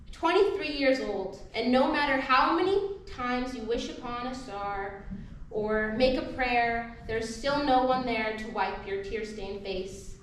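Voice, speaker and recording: Woman doing a spoken word poem live, higher voice, big echoey room, far from the mic. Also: a bit bright. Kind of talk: performed poetry reading. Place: live poetry event venue. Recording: very echoey hall, mic far off, faint noise.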